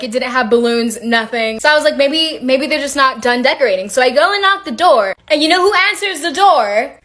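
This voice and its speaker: A teenage girl telling an embarrassing personal story in a casual, excited, gossipy way with some swearing. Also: sits high.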